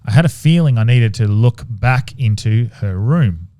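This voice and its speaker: A man co-hosting a podcast, reading listener ghost stories aloud in a relaxed, casual way and sometimes stumbling and restarting mid-sentence. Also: mid-range voice, normal speed, no echo. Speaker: podcast co-host.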